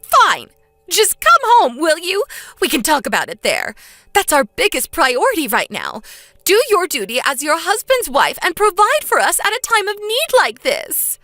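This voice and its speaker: A woman voicing a pushy older mother-in-law who pleads and demands in a high, swooping voice. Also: sing-song, normal speed, bright, forceful tone, no echo, clean studio sound, soft background music, full character voice. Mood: demanding. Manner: wheedling, then shrill and demanding. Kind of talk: dramatized story dub.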